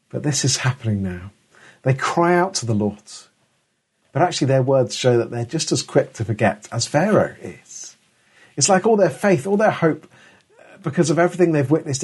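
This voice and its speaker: A man's voice: a little high, a little mellow, breathy edge. A middle-aged man preaching a sermon in an earnest, emphatic way, often restarting his words.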